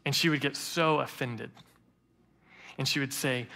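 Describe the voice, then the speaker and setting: An interim lead pastor delivers a sermon in a church sanctuary, his bright, forceful, slightly high voice carrying a long reverb. He tells stories earnestly at normal speed with frequent pauses, quoting others in lively voices and warmly pressing each point home.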